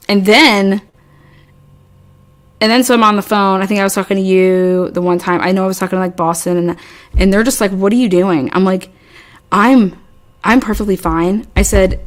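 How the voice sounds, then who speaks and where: A woman recounts a story in casual podcast chat, swearing often and sounding fed up as she rambles and restarts. Her pitch sits in the middle range. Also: fairly even intonation, moderate pace, long pauses. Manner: profane, exasperated, rambling with many restarts.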